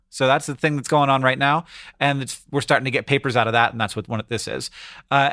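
A man's voice: on the high side, pushed and bright, dry recording, clean studio sound. A man co-hosting a casual podcast, playful and rambling, reading science news with offhand asides. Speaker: podcast co-host.

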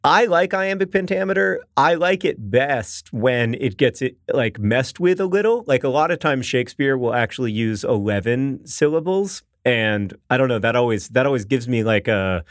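A man's voice: mid-range voice, expressive, normal speed, hardly any pauses, no room sound, studio quality. A man in his forties co-hosting a podcast in casual chat, wry and rambling, laughing easily. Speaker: podcast co-host.

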